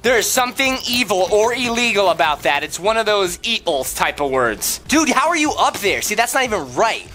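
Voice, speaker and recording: A man's voice: high-pitched, very animated, normal speed, hardly any pauses, bright, forceful tone, faint music behind. A man in his forties, a father and host, commentating a video game with his kids in a goofy, jokey way. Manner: goofy, jokey, puts on silly voices.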